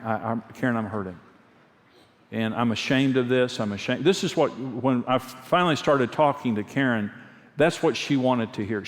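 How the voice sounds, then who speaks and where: A middle-aged man preaching a sermon, telling personal stories candidly and earnestly, often repeating a phrase for emphasis. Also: medium pitch. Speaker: pastor and marriage teacher. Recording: long hall reverb.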